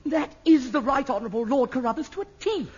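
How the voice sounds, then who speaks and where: A gushing, fussy theatre director. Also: male voice, very high voice, lively intonation, fast talker, a little mellow, breathy edge, heavily acted. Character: fussy, excitable male amateur theatre director. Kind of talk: 1960s radio sitcom acting. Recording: dull lo-fi old radio recording.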